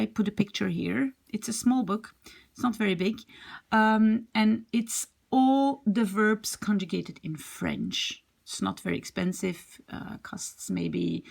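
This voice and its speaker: With a medium-pitched voice touched by vocal fry, a woman whose native tongue is Dutch walks through a language lesson, going over examples patiently one step at a time.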